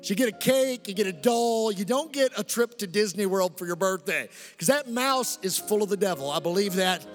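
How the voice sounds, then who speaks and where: A middle-aged male pastor preaching a lively, humorous sermon and calling out to the congregation for amens. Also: high-pitched, moderate pace, hardly any pauses, soft background music. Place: church sanctuary. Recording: long reverb in a large hall.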